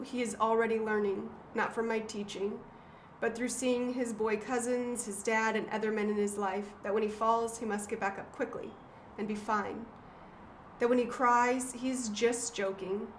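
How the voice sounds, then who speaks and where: A woman in her thirties, the author and host, talking casually and reading passages from her own book in an earnest, emotional way with frequent fillers and restarts. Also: on the high side. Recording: roomy echo, faint background noise.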